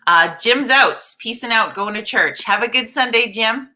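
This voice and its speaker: A woman in her forties hosting a live online coffee chat, chatty and upbeat, greeting viewers and chatting with a croaky morning voice. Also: fairly high pitch, moderate pace, pushed and bright. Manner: chatty, upbeat, reads viewer comments aloud. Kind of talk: casual live-stream chat.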